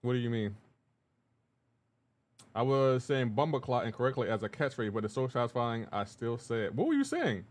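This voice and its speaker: A man's voice: medium pitch, steady tone, normal speed, long pauses. Man, casual live-stream chat, greets viewers, laughs a lot, keyboard typing behind. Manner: greets viewers by name, upbeat, laughs often.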